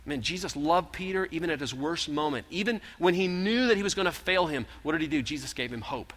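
A man preaching with a bright, tense, slightly high voice. He tells the story earnestly, leaning in and then dropping to a hush, and a long reverb trails each phrase in the hall. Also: animated, a little fast, few pauses. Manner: earnest storytelling preacher, shifting from emphatic to hushed. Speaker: pastor. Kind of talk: sermon.

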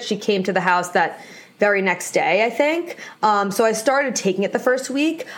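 A young woman talks through her solo podcast in a loose, candid way. She fills her sentences with "like" and restarts, and she turns to her listeners to reassure them. Her pitch sits in an ordinary middle range. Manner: chatty, candid, many "like" fillers; addresses listeners directly, reassuring. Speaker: podcast host. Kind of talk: casual solo podcast talk.

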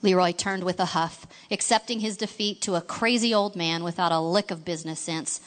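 A woman narrating a storybook in a gentle, expressive reading voice, now and then asking the listener questions. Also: lowish voice, brisk.

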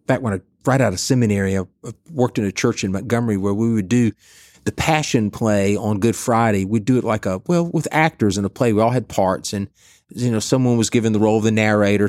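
A man's voice: lowish voice, darkish tone, no room sound, clean studio sound. A middle-aged male pastor giving a conversational Bible reflection, reading scripture and then telling stories. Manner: storytelling, reads scripture then chats.

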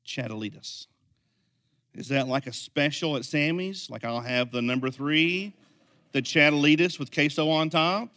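A man preaching a sermon as pastor, swinging from quiet, intense lines to loud, energetic ones. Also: a little high, normal speed.

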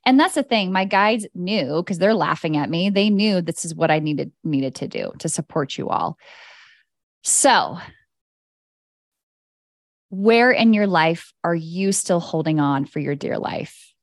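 A woman's voice: lowish voice, lively intonation, measured pace, no echo, clean studio sound. A woman hosting a podcast as an energy coach, talking in a casual, candid monologue. She swears freely and laughs often.

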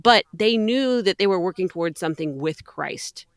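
This woman speaks on a faith podcast with a lower voice than most. She is earnest and a little preachy, and she builds to a rallying call. The sound is dry and close. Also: animated, moderate pace, no room sound. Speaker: podcast co-host.

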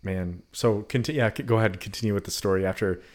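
A man in casual conversation about a Bible story, animated and quick to laugh. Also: on the low side. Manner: animated, acts out quotes with laughs.

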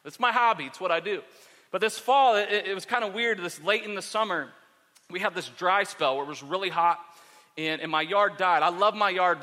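Pastor guy preaching, bright high voice, lots of reverb from the hall. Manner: joking, conversational storytelling. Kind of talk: sermon.

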